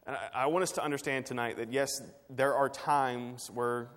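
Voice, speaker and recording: A man's voice: medium pitch, steady tone, normal speed, fairly bright tone. Guy preaching a sermon, chatty storytelling, lots of ums, echoing big hall. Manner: conversational storytelling with many fillers and restarts. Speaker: pastor.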